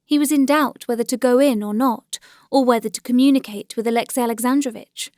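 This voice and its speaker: A woman narrating a classic novel as an audiobook, in a measured, gentle storytelling manner. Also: on the high side, steady tone, no room sound, clean studio sound.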